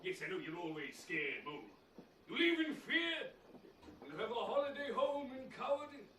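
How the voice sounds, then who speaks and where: Man as a blustering posh old badger on stage, lively voice, roomy sound with crowd. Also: very high-pitched, normal speed, noisy background. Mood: exasperated. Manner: pompous, blustering, calls others "my boy". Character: pompous old male badger, crude and gruff. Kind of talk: live comedy sketch. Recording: echoey room, mic far off, audience.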